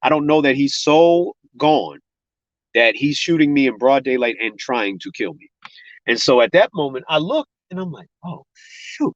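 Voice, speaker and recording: A man recounts a harrowing personal story in a casual, vivid way, often acting out what other people said. His voice sits in a middle pitch, and the dry, close sound is a bit dull and lo-fi. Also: lively intonation, moderate pace, dry recording. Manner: uses casual spoken grammar. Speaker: guest, gun violence survivor.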